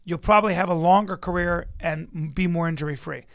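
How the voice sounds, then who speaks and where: Man, high gravelly voice, bright and tense, dry close sound, joking co-host. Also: fast, dry recording. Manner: joking, blunt and profane. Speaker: podcast co-host, comedian. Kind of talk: casual podcast chat.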